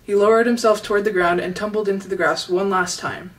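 A woman reading a children's novel aloud in a steady, gentle way. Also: mid-range voice, fairly quick, far from the mic, low-quality recording. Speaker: storybook reader.

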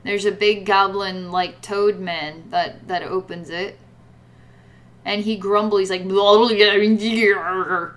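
A woman's voice: medium pitch, steady tone, a little slow. A woman giving a guided psychic reading in a rambling way, full of fillers and repeated words. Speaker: psychic reader.

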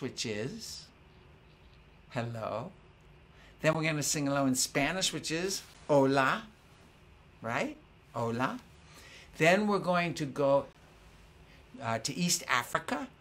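Older male children's singer, animated and bright, gently coaxes kids to repeat after him. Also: mid-range voice. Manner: patient, encouraging teacher leading children. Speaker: children's singer and concert host. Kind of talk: call-and-response family concert.

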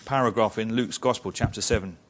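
A man's voice: fairly low pitch, fairly even intonation, a little fast. A man preaching an expository sermon in church, retelling a story in a conversational way with rhetorical questions.

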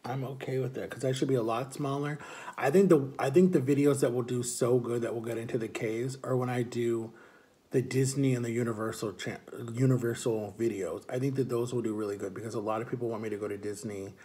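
A man's voice: medium pitch, fairly even intonation, a little fast, warm tone. Guy rambling in his vlog, upbeat, lots of "like", medium voice. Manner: chatty, upbeat, many "like"s. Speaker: vlogger. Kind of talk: casual vlog chat.

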